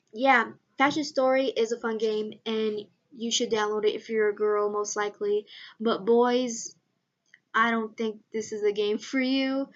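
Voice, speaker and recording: A woman's voice: fairly high pitch, fairly bright tone, lo-fi sound. A teenage girl rambling casually in a vlog, with lots of fillers. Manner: rambling, chatty, many fillers. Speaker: vlogger.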